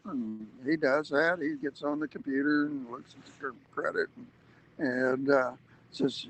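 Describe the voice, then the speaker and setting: Earnest, slightly high-voiced man explaining. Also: unhurried, a bit bright, rough recording. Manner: earnest, explanatory, emphatic, with hesitant fillers. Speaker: activist speaker. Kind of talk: livestream advocacy talk.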